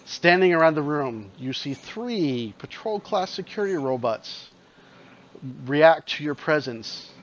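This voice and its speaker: A man's voice: a little high, sing-song, a little slow, a little hiss or hum. A man running a tabletop game as game master, describing scenes and calling for rolls. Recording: dull lo-fi sound.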